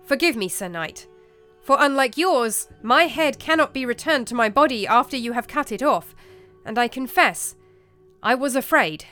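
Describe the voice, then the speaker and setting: A woman voicing a young male knight, frightened but resolute, raising a strained voice to keep it steady. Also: high-pitched, moderate pace, soft background music. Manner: strained, raised voice holding steady.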